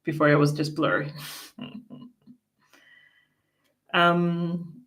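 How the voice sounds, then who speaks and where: A woman's voice: low-pitched, steady tone, extremely slow, a bit bright. A woman co-hosting a casual livestream, chatting and reading viewer comments aloud from a home setup. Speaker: livestream co-host.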